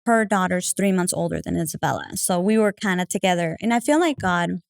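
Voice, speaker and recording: Woman, podcast guest, casual storyteller: chatty, animated, acts out quotes, fillers throughout; dry close recording. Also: lowish voice, fairly quick, vocal fry, no room sound. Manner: chatty, full of fillers like "like" and "you know"; animated, acting out quoted remarks.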